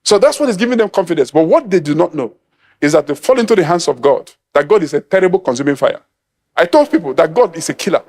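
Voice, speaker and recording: A man's voice: fairly high pitch, animated, fast, a little mellow. A middle-aged man from Nigeria preaching an emphatic sermon, acting out quoted voices and laughing at his own points. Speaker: apostle preaching.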